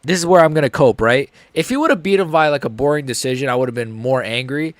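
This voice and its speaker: A man's voice: mid-range voice, lively intonation, fast talker, dry recording. Profane man streaming a live reaction. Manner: profane, rambling, emotionally swinging.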